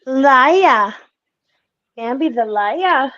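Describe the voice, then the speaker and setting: A woman with a slightly high voice talks bluntly and rambles, swearing freely as she vents. Her audio comes through dull and lo-fi, like a cheap stream mic. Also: lively intonation, drawn-out words, sharp tone. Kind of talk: casual chat.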